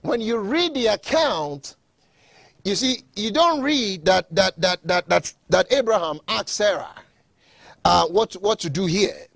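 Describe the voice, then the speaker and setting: A man's voice: high-pitched, lively intonation, measured pace, vocal fry, a bit bright, no echo. A male pastor reading scripture aloud and then preaching a sermon with emphatic repetition.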